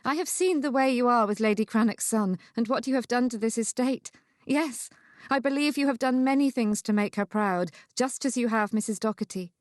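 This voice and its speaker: Woman doing a kind young lady, raised pitch, reassuring, dry close sound. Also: normal speed, dry recording, natural voice. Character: kindly young sister-in-law, gently coaxing.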